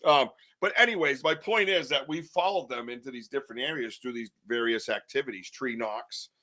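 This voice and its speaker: A man hosting a podcast, chatting in an animated, joking way and swearing casually. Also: mid-range voice, brisk. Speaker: podcast host. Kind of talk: casual chat.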